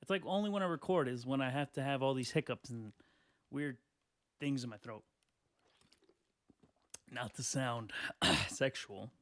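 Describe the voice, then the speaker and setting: A man hosting a casual solo podcast, rambling crudely through online comments, laughing often and clearing his throat. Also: medium pitch, dry recording, studio quality. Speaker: podcast host. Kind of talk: casual solo podcast reading tweets aloud.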